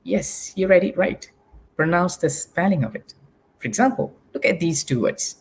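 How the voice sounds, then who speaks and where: A man's voice: sits high, lively intonation, moderate pace, a little hiss or hum. A Malaysian man teaching a live online English lesson, patiently drilling spelling and pronunciation for primary pupils.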